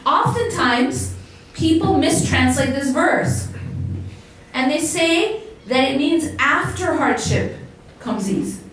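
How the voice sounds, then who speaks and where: A woman's voice: high-pitched, expressive, takes it slowly, fairly bright tone. Woman lecturing in an echoey hall. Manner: conversational, asks the audience questions. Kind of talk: religious lecture to a live audience. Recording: echoey hall, voice from far off, faint noise.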